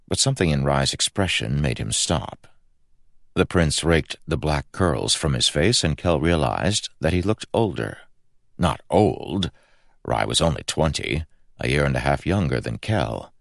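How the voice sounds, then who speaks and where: Deep, gravelly male audiobook narrator. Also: dry recording, studio quality. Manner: measured, expressive storytelling. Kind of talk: scripted narration.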